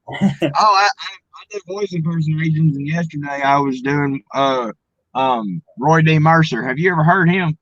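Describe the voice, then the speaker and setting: A man's voice: a little high, unhurried, fairly bright tone, dry recording, muffled recording. A man from Arkansas with a Southern accent, a guest talking in a folksy, earnest way. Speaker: guest, coach. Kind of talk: casual interview talk.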